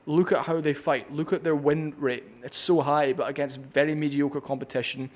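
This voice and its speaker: A man's voice: a little high, steady tone, normal speed. A man with a Scottish accent breaking down a fight on his vlog, blunt, opinionated and profane. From Scotland. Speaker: MMA commentator.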